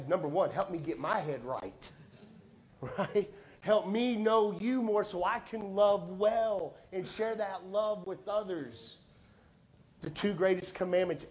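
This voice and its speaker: A male pastor delivering a sermon in an emphatic, conversational way, swinging between loud lines and hushed ones. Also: a little high, a little hiss or hum.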